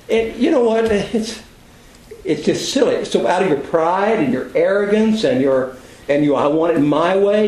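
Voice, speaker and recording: An older man gives a conversational sermon to a class, telling self-deprecating stories in a folksy way. His voice sits high, and the room echoes around him. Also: a little mellow. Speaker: Bible class teacher.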